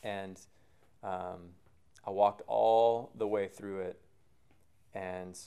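A man giving a personal faith testimony, earnest and reflective, pausing often with fillers as he talks. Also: low voice, fairly even intonation, mellow. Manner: halting, with many pauses and fillers. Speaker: speaker sharing a faith testimony.

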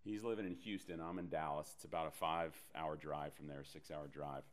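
A low-pitched man preaching from the pulpit, telling a personal story. His delivery is animated, with self-deprecating humor. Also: brisk. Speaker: pastor. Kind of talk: sermon storytelling.

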